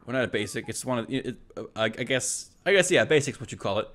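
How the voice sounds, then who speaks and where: Lively intonation, a quick pace, and a slightly bright mid-range voice mark this let's play host. He casually narrates his own gameplay, working things out aloud, revising what he says, and chatting to the robots on screen.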